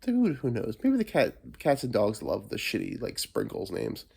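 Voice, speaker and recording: A man's voice: fairly low pitch, wildly swooping pitch, moderate pace, gravelly, a little mellow, breathy edge. A man hosting a solo podcast, rambling playfully and swearing a lot, getting over a cold. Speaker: podcast host. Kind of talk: casual solo podcast monologue.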